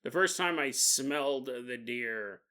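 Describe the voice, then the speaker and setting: A man's voice: medium pitch, takes it slowly, sharp tone. A male podcast host telling a story in a casual, jokey way, often laughing and adding gross-out asides.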